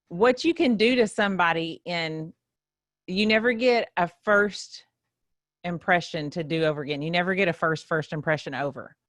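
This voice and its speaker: A woman's voice: on the low side, fairly bright tone, no room sound. A woman, chatting casually as a guest in the host's chair in a podcast studio. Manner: chatty, laughing, self-conscious, Southern "y'all" talk. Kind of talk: casual chat.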